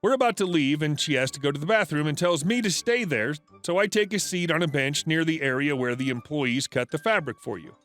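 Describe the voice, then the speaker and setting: A man reading online stories aloud as a scripted narration, in a lively storytelling manner. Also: on the high side, fairly quick, few pauses, soft background music.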